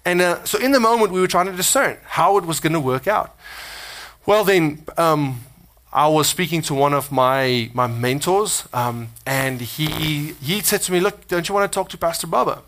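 A pastor gives a conversational sermon, earnest and animated, in a voice that is a little high and a little slow. He often restarts and repeats words as he talks.

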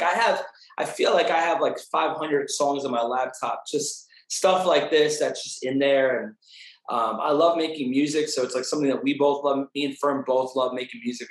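A man, a music producer and artist, chatting upbeat in an interview, often pausing with "uh" and "um". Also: mid-range voice. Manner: upbeat, chatty, with hesitant "uh" and "um" restarts. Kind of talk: casual interview talk. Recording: echoey room.

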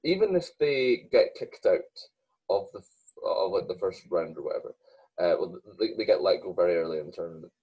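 Husky-voiced young Scottish man. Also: deep voice, animated, fairly quick, lo-fi sound. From Scotland. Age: young adult. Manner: hesitant, many fillers and restarts. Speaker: podcast co-host. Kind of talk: casual chat.

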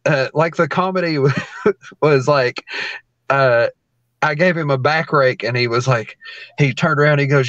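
A man's voice: medium pitch, unhurried, pauses often, dry recording, lo-fi sound. Laughing man telling a wrestling story. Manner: animated, laughs often, acts out quotes. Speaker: pro wrestler guest. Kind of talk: casual storytelling.

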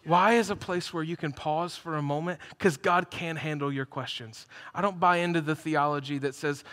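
A man preaching a sermon to a live congregation, telling stories with energy and building to loud, emphatic peaks. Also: a little high, fairly quick, few pauses. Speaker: pastor. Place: church hall, live congregation. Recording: reverberant church hall.

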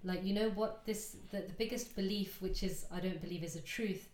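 A woman appearing as a guest on a podcast, calmly explaining ideas with lots of fillers. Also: mid-range voice, brisk, slight background noise. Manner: reflective, explanatory, with many fillers. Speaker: guest coach. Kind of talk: casual interview chat. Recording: echoey room.

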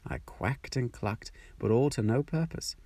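A man's voice: medium pitch, measured pace, warm tone, dry recording, voice pushed up, lightly acted. A man voicing a bossy old female duck who gives know-it-all advice in a storybook.

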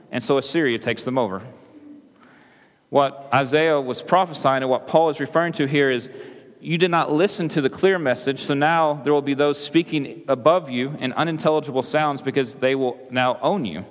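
A man's voice: mid-range voice, moderate pace. A male pastor preaching a sermon in a conversational way, with frequent "right?" asides and restarts, in a large church hall. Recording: echoey hall with long reverb.

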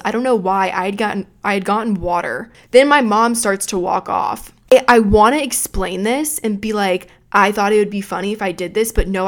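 A young adult woman hosting a podcast, telling a story in a rambling, profane, self-mocking way from a room at home. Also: mid-range voice. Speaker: podcast host. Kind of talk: casual storytelling.

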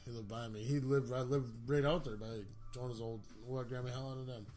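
A man's voice: mid-range voice, fairly even intonation, fairly quick, a little mellow. A man from North Dakota co-hosting a podcast, telling a rowdy story in casual chat, swearing and acting out the quotes. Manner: profane storyteller, acts out quotes. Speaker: podcast co-host.

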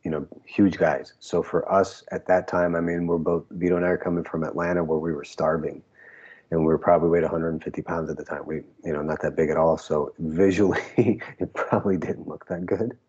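Male guest, deep and husky, easygoing storyteller; muffled lo-fi sound. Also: steady tone, brisk, a little mellow. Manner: laid-back storyteller, laughs often. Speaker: former pro wrestler guest. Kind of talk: casual interview recollection.

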